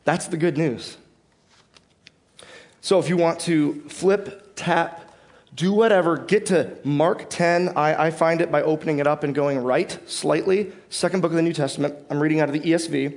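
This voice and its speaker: Guy preaching at church, kinda high voice, chatty, keeps asking the room questions. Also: fairly even intonation, normal speed. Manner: conversational, asks the congregation questions. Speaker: pastor. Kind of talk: sermon.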